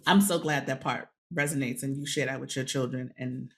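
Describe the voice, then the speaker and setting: Low-voiced woman telling a heartfelt story. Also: fairly quick. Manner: animated storytelling, acts out quotes, laughs often. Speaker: podcast guest.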